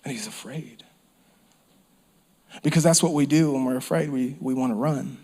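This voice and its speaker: A man's voice: medium pitch, steady tone, fast talker, a little mellow. A man preaching a sermon as pastor, impassioned, repeating phrases and sometimes dropping to a whisper. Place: church or campground service.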